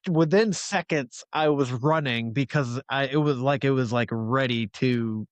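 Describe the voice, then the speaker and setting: A man on a podcast, telling a crude story in an animated way with lots of swearing. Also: mid-range voice, unhurried, few pauses, no echo. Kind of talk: casual chat.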